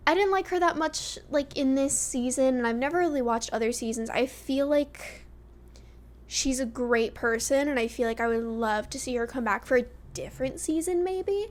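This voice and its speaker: A young woman chatting casually in a rambling, animated way, with sassy outbursts. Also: high voice. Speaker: YouTuber reviewing a reality show.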